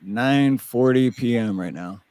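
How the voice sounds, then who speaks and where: A man chatting casually as a livestream panel guest over a video call, laid-back and quick to chuckle. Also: medium pitch, mellow, dry recording. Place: lives in Hawaii.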